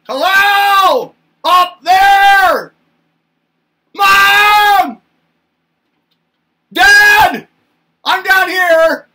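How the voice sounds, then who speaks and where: A man voicing a tiny toddler calling up to tall parents, shouting upward shrilly. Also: extremely high pitch, very slow, pauses often, far from the mic, pitched above the performer's own voice, exaggerated voice.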